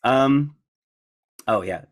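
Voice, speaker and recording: A man's voice: medium pitch, animated, very slow. Man, conference speaker, casual Q&A, rambling, laughs a lot, restarts sentences. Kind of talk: casual Q&A answers.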